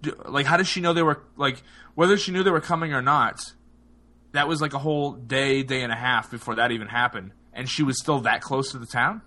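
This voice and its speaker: A man recaps a show in an animated, incredulous way, breaking off into mocking asides. His voice has a bright, forceful edge. He talks loosely and conversationally. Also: mid-range voice, fairly quick. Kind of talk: casual discussion of a TV episode.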